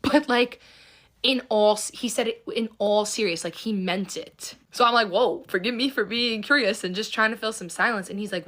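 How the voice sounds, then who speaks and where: A woman's voice: fairly high pitch, brisk, fairly bright tone. A young adult woman telling a dating story in a casual, profane, sarcastic way, acting out both sides. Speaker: storyteller host.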